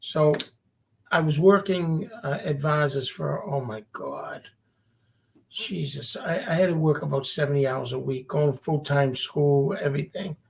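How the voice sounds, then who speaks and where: A man tells a story in a relaxed, chatty way, slipping into the voices of the people he quotes. His voice sits a touch high for a man and has a gravelly, rough edge. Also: a little slow. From Revere, Massachusetts. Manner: animated anecdote-telling, acting out quoted people. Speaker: guest. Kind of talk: casual storytelling.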